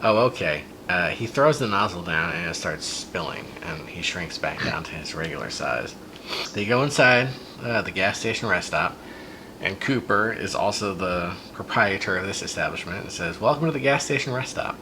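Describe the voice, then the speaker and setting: A man's voice: deep voice, animated, normal speed, background noise. A man hosting a podcast, casually and animatedly retelling a child's silly story, with plenty of fillers and restarts. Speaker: podcast host.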